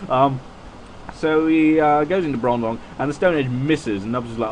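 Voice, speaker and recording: A man in his twenties giving casual, rambling video game commentary, chatty and self-mocking, with swings in pitch. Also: fairly even intonation, moderate pace, darkish tone, a little hiss or hum, rough recording.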